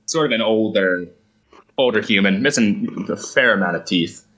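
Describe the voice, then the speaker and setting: Casting: male game master, low bright voice, loose rambling narration. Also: normal speed, poor audio. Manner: rambling, hedging with fillers.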